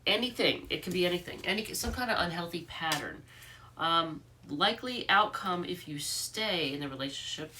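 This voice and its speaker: A woman reading tarot cards in a loose, chatty way, her voice stuffed up and congested. Her tone is bright and forceful but sits a little low. She sounds a bit far from the mic, with faint noise behind her. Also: animated, moderate pace. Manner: chatty, rambling with fillers and restarts. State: congested from allergies. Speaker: tarot reader.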